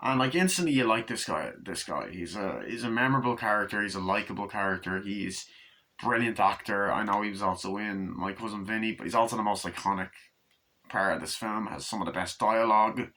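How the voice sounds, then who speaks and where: Young guy with a lowish voice, bright and forceful, rambling and swearing through a movie review. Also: brisk. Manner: rambling, profane, filler-heavy. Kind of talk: casual movie review vlog.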